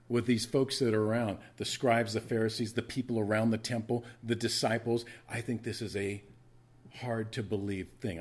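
Here the pastor's voice is lowish and husky. In his sermon he stresses key words through repetition, talks to the congregation in conversational asides and tells listeners to take notes, teaching with emphasis throughout.

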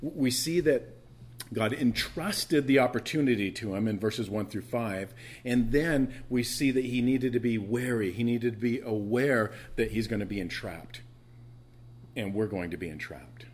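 A man's voice: mid-range voice, normal speed, darkish tone. A man pastor preaching a sermon, emphatic and questioning the congregation as he teaches from scripture.

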